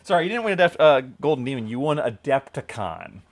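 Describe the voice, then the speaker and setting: A man's voice: medium pitch, very animated, brisk. A man hosting a hobby stream, chatting casually and rambling with jokes while he paints miniatures. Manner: jokey, rambling, laughs at own jokes.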